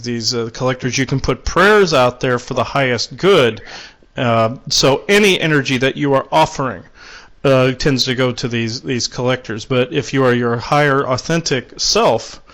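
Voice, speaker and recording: A man hosting a spiritual call-in show, relaying messages in a halting way with many restarts. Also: medium pitch, fairly bright tone. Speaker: call-in show host and channeler.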